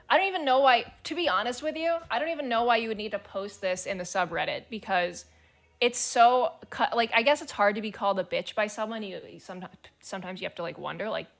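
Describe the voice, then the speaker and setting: A woman's voice: medium pitch, animated, brisk, fairly bright tone, faint music behind. A woman streamer chatting casually and reading forum posts aloud, blunt, swearing freely and laughing as she talks.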